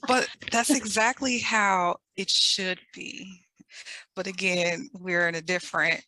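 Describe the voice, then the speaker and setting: Woman, podcast guest, slow measured talk, lower pitch, bright crisp tone. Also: steady tone, dry recording, low-quality recording. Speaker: podcast guest, clinical social worker. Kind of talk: casual conversation.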